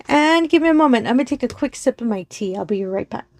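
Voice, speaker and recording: Soft-spoken giggly woman crafting vlogger. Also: high-pitched, dry recording. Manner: soft and slow when focusing; giggles often between remarks. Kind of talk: casual chat while diamond painting.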